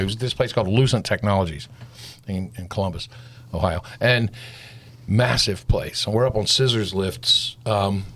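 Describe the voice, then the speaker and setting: Chatty fifty-something man hosting a panel. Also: fairly low pitch. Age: 50s. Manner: rambling, retells stories with quoted dialogue. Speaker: host. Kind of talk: casual panel discussion.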